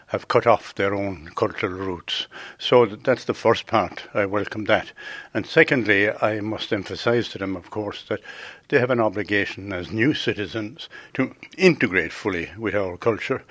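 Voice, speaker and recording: An older man, a judge answering interview questions in a formal, earnest, measured way. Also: on the low side, a bit bright, dry recording. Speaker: presiding judge.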